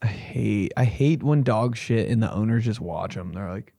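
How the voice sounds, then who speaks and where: A man with a gravelly, fry-edged voice riffs and rambles in a loose comedic style. He swears freely and jumps into loud put-on bursts. The sound is dry and close, with no room ring. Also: fairly low pitch, normal speed, hardly any pauses, no room sound. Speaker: comedian host reacting to listener stories.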